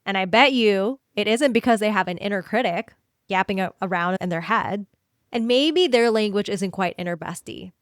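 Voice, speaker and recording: A woman hosts a solo career-coaching podcast, talking straight to her listeners. Her delivery is animated, and she slips into little quoted voices as she goes. Her voice sits in the middle range, recorded dry and close. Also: mid-range voice, normal speed, no room sound.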